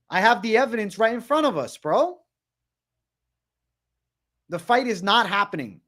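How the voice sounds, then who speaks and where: Young man, livestream host, high voice, excited, repetitive, swearing. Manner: excited, repetitive, swearing, addresses viewers as bro. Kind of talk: livestream commentary.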